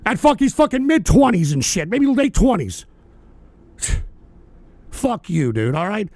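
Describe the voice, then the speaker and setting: A man hosting a live political talk stream, ranting and swearing and often shouting angrily at viewers in the chat. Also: high voice, big pitch swings, slow pace, pauses often, dry recording.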